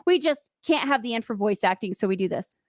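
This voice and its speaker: A woman's voice: fairly high pitch, lively intonation, quick pace, dry recording, studio quality. A woman from the United States, a radio host, chatting in an interview in a bubbly, playful way and laughing easily. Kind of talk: casual interview chat.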